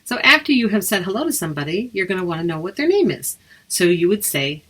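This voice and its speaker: A woman teaching a beginner language lesson, patiently slowing down to repeat phrases. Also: on the low side, very animated, a bit bright.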